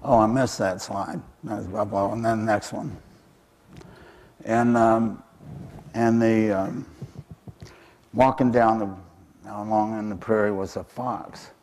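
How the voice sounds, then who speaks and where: A man's voice: fairly low pitch, fairly even intonation, takes it slowly, long pauses, darkish tone, a little hiss or hum. A man telling an animal folk tale in a talk, hesitant and full of fillers. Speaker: author and speaker.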